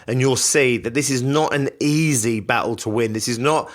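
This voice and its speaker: A man's voice: mid-range voice, moderate pace. A man hosting a podcast, delivering a conversational, reflective self-help monologue and repeating phrases for emphasis. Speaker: podcast host.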